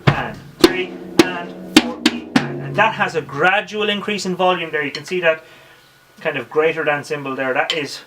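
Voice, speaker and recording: A man's voice: on the high side, steady tone, fairly quick, loud music behind the voice. A man with an Irish accent teaching drums in a casual spoken tutorial, counting beats aloud between his explanations. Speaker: drum teacher. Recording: drum kit playing loudly behind.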